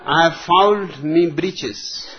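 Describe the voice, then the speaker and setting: A man voicing a pompous old retired British army colonel telling a joke, with slow, blustering boasts. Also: on the high side, a faint crowd, slight background noise. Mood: boastful. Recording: dull lo-fi recording.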